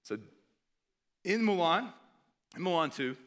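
A man in his thirties delivers a sermon with a slightly raised pitch. He talks in a loose, conversational way, stopping often to ask his listeners questions. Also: animated, slow pace, a bit bright. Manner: conversational, asks the audience often with "right?". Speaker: missionary preacher.

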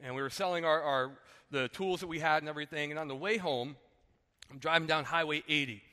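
Pastor, 30s, from New Jersey; high, bright voice, animated sermon storyteller, recorded in a reverberant hall. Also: male voice, brisk. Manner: animated storytelling, jokey asides, acts out quotes. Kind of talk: sermon with personal stories.

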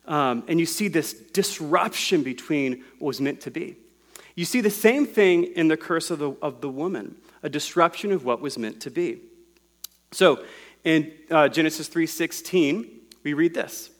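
Higher-voiced man preaching a teaching sermon. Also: normal speed. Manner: explains scripture word by word in a teaching tone. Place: room with a congregation.

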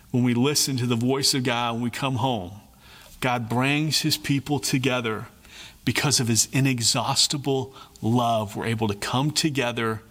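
A man's voice: mid-range voice, fairly bright tone, big-room sound. A man preaching a sermon, earnest and emphatic, often repeating words for weight. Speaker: pastor.

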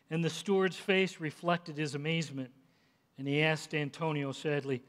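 Man preaching, fairly high voice, lots of hall echo, gets loud then goes quiet. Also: fairly even intonation, brisk. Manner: impassioned, swelling then dropping to a hush. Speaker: pastor. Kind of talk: sermon. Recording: long reverb in a large hall.

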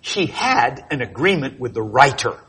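A man preaching a sermon, telling animated, jokey stories with sound effects. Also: mid-range voice, moderate pace, a little hiss or hum. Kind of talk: sermon with storytelling.

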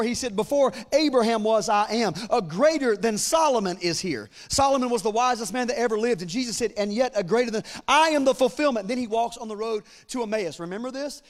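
High-voiced fiery preacher in a reverberant hall. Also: male voice. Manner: impassioned, building to near-shouting peaks; acts out biblical dialogue in casual voices. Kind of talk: sermon.

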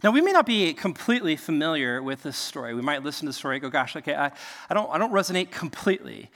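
A man in his thirties delivers a sermon with a bright, forceful voice that rises and falls a great deal. He talks in a conversational way and keeps asking his listeners "right?". A long reverb trails behind him, as in a large hall. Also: on the high side, quick pace. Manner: conversational and animated, frequent "right?" asides. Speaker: pastor.

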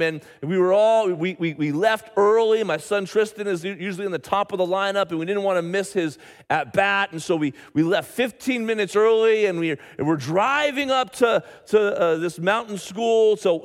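High-voiced man preaching a sermon. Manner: storytelling, animated, with frequent restarts. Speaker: pastor. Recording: reverberant church hall.

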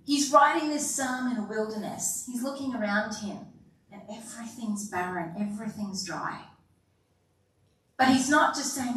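A woman pastor delivering an animated sermon, acting out quotes with sighs and laughs. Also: on the high side, normal speed. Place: church sanctuary. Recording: echoey hall, voice from far off.

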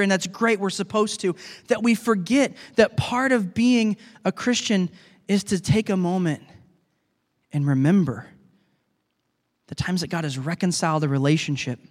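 A man's voice: high voice, normal speed. A man who is a pastor, preaching a sermon in an earnest, conversational way and talking to the congregation as guys. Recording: long reverb of a large hall.

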